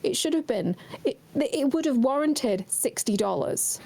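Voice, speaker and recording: A woman's voice: high-pitched, animated, unhurried, warm tone. A woman guest on a gaming podcast, giving firm opinions and repeating words as she starts her sentences. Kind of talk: casual podcast chat.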